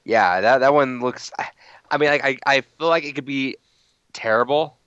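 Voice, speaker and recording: A man's voice: medium pitch, moderate pace, a bit bright, clean tone, no room sound, lo-fi sound. A young man co-hosting a casual movie chat, hesitant with stumbling starts and profane. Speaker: podcast co-host.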